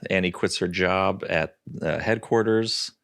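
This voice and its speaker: A man's voice: low voice, a little slow, vocal fry, a bit bright, clean tone, no room sound, clean studio sound. A man co-hosting a podcast, casually recapping a film's plot and laughing as he goes. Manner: loose, laughs while recapping. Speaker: podcast co-host.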